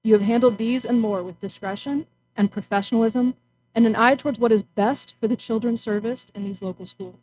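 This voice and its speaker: A woman's voice: fairly high pitch, steady tone, darkish tone, a little hiss or hum, rough recording. A woman parent giving a prepared, earnest public comment at a school board meeting. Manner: earnest, measured, reading from notes.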